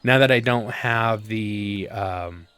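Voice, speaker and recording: A man casually commenting on his gameplay, thinking aloud with relaxed fillers. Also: lowish voice, takes it slowly. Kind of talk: casual let's-play commentary.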